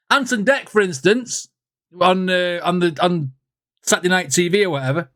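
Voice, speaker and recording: A man's voice: sits high, moderate pace, a bit bright. A man hosting a music reaction video, chatting casually and rambling with frequent laughs.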